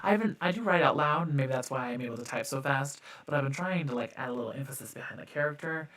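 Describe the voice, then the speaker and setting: A man narrating a live-streamed improv story with expressive dramatic delivery. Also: mid-range voice, fast. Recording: echoey reverb with loud music.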